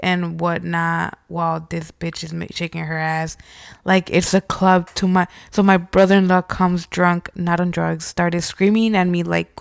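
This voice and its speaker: Blunt, gravelly woman podcast host. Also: fairly low pitch, moderate pace, no room sound, clean studio sound. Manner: blunt, swearing, animated reactions. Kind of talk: casual storytime podcast, reading listener stories.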